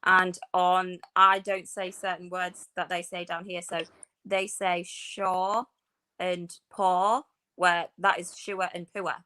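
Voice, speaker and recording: A woman with a softened Northeast English accent, chatting as a podcast co-host in an animated, storytelling way. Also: lowish voice, measured pace, smooth. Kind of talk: casual chat.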